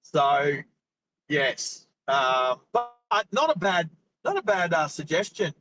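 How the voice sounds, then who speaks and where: A man's voice: fairly high pitch, very animated, takes it slowly, rough recording. A middle-aged Australian man hosting a live driving stream, chatting casually and rambling, laughing often. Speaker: host. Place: inside a car.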